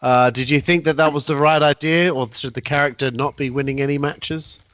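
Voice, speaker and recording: A man's voice: on the high side, steady tone, fairly quick, a bit bright, no echo. Man hosting a podcast interview, dry sound. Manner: asks long, detailed questions with dates. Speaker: podcast host. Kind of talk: interview questions.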